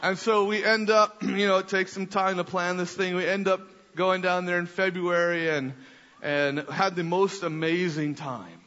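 A high, bright male voice delivers an animated sermon story and often doubles back on his words. The sound rings with the long echo of a hall and has a dull, lo-fi tone. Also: normal speed. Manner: animated, repeats words while telling a story. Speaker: preacher.

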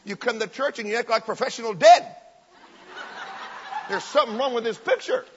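A man preaching a sermon with fervent, emphatic delivery, loud bursts and joking asides. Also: extremely high pitch, expressive, normal speed, a little hiss or hum. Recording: long hall reverb, dull lo-fi sound.

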